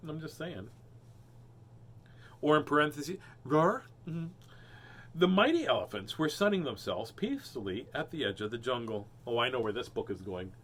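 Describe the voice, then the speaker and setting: A man's voice: mid-range voice, normal speed, a little hiss or hum. A man hosting a playful picture-book read-aloud, full of puns and jokey asides. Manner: jokey, punning, animated asides. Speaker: host reading picture books aloud.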